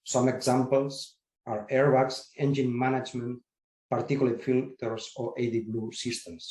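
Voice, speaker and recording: A man, secretary general of an industry association, answering interview questions in a formal, measured way with occasional restarts. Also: medium pitch, little pitch movement, darkish tone. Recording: roomy echo.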